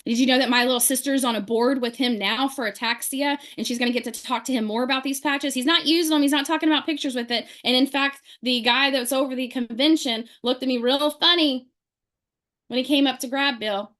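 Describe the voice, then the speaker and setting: Woman, high pitch, animated storyteller who acts out the quotes; testimonial talk to a group. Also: brisk. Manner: lively, acts out quoted people in her story. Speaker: speaker sharing a testimonial.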